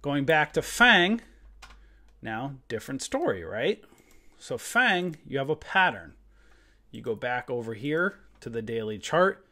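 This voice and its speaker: A man in the middle of his pitch range teaches a live trading session over a screen share, speaking from a desk mic. He is blunt and fired up, ranting with emphasis and dropping mild swears in a casual way. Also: very animated, a little slow, sharp tone. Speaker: trading room host.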